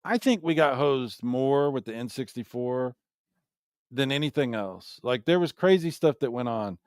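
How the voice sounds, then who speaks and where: A man co-hosting a casual podcast chat, telling animated stories and acting out what people said. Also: medium pitch, normal speed, dry recording, clean studio sound. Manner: animated storyteller, acts out quotes. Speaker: co-host.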